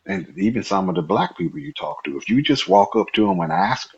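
A man from Nebraska, a podcast guest, telling a story in an animated way, laughing often and acting out the dialogue. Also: low voice, fairly quick, gravelly, breathy edge, highs cut off. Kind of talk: casual storytelling.

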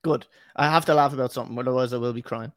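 A man's voice: mid-range voice, fairly even intonation, racing, no echo, studio quality. A young man hosting a casual chat, teasing and laughing with plenty of fillers. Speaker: podcast host.

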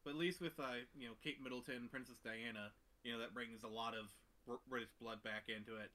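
A man's voice: mid-range voice, steady tone, brisk, sharp tone. A man, a guest on a casual podcast, talking hesitantly with many restarts and jokes. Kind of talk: casual chat.

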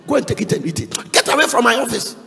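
A man's voice: high voice, big pitch swings, quick pace, vocal fry, soft background music, exaggerated voice. A man acting out a stern, no-nonsense pastor who barks at a young man. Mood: scornful. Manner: barking, dismissive. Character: stern no-nonsense male pastor, middle-aged. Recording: long reverb of a large hall.

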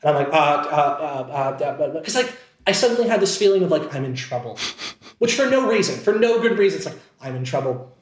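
A man's voice: fairly high pitch, sing-song, a little fast, roomy sound. A man telling a long story in casual chat, rambling, with many fillers and restarts. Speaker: podcast co-host telling a story.

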